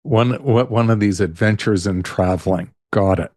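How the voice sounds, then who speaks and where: A man, a family therapist guest, giving calm, measured advice in conversation. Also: lowish voice, no room sound, studio quality.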